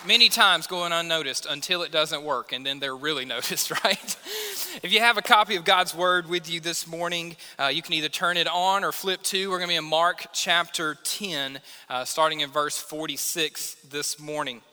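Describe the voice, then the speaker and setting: Pastor, male, 30s; high, sharp voice, chatty sermon delivery, church hall reverb. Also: normal speed, clear, resonant tone. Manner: conversational, self-deprecating preaching with acted quotes. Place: church sanctuary.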